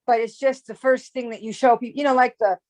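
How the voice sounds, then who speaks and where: Speaking fast in a fairly high, somewhat mellow voice with fairly even intonation, an astrologer guest chats casually. She goes on at length in a rambling way, restarting and often checking in with "right?".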